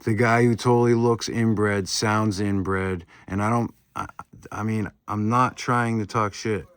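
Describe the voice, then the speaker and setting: A man with a lowish voice tells a long personal story in a loose, rambling way. He swears freely and leans on fillers as he goes. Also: steady tone, measured pace, smooth, dry recording. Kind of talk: casual storytelling.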